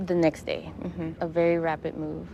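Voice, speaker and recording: A woman giving an emotional interview, speaking haltingly and repeating her words. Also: sits low, level tone, gravelly, mellow, highs cut off, a little hiss or hum. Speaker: interviewee recounting her past.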